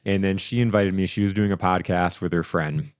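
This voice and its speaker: Low guy podcast host, animated rambly storytelling, dead dry mic. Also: fairly quick, clean tone, dry recording. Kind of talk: casual storytelling chat.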